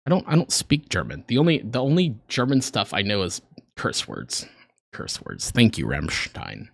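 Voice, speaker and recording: A man's voice: on the low side, huge pitch swings, normal speed, gravelly, fairly bright tone, no room sound, studio quality. A man casually chatting on a livestream, rambling and joking at his own expense with the viewers. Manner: rambling, self-deprecating, joking with chat. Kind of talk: casual reaction stream chat.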